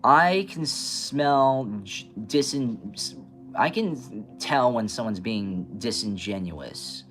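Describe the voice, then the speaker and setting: Animated, stuttering man with faint music. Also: mid-range voice, slow pace. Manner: animated and passionate, stutters and restarts often. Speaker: live stream host giving readings. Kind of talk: casual live-stream rant. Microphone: camera mic, moves the camera around.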